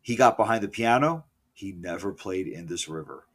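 A middle-aged man recalling a concert in a casual, profane and opinionated rant, full of asides, self-corrections and loud outbursts. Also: deep voice, animated, moderate pace. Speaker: concert reviewer. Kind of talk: casual spoken concert recollection.

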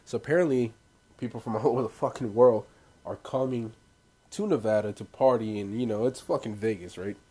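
A man's voice: lowish voice, a little fast, mellow, husky. A man ranting casually to his viewers, loose and profane, with rambling asides and frequent laughs. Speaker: vlogger. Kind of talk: casual profane rant to camera.

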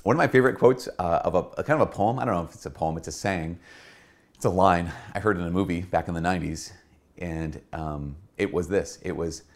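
Man, Catholic priest, very low voice, earnest homily-style talk, repeats phrases for emphasis. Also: a little fast. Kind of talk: spoken homily-style reflection.

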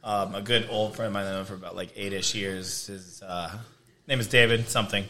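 A young man chatting casually in a relaxed, rambling way, swearing now and then. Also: lowish voice, brisk. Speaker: guest, bartender. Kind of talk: casual chat.

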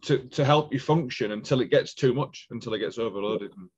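A man's voice: mid-range voice, brisk, a little mellow, husky, lo-fi sound. A man hosting a podcast interview, reflecting on his guest's story with brief, thoughtful comments. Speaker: podcast host. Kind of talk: interview conversation.

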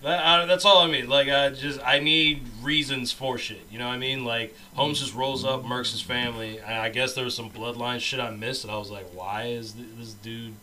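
Man, casual chat, profane slangy rants, bright tone, faint background noise. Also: mid-range voice, a little fast, hardly any pauses, low-quality recording. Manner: profane, animated slangy ranting.

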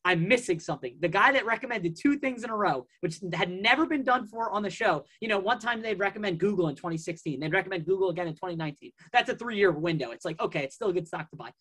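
A man's voice: sits high, lively intonation, fast, hardly any pauses, bright, forceful tone. A man as a podcast guest in casual chat, telling a long story in a rambling way, full of fillers and restarts.

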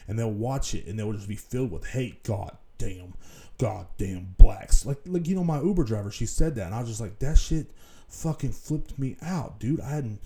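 A man's voice: medium pitch, expressive, fairly quick, mellow. A man hosting a solo podcast, rambling casually with lots of swearing and filler phrases. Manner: rambling and profane, full of "you know what I'm saying". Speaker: podcast host.

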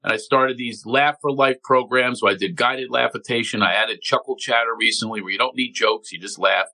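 A comedian guest from Philadelphia, telling stories on a talk show and acting out other people's voices. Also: male voice, medium pitch, fairly quick, poor audio. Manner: animated storyteller, acts out voices of others. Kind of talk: energetic talk show chat.

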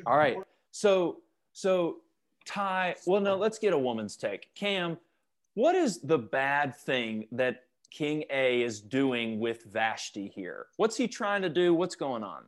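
A man's voice: fairly high pitch, big pitch swings, slow. A man leading a youth Bible study over a video call, questioning the group and joking as he teaches.

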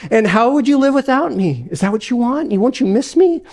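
A sly little lizard with a coaxing, wheedling voice pitched high and clingy, as a preacher puts it on. A gravelly edge runs under the sweetness. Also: male voice, expressive, brisk, a little mellow, exaggerated voice.

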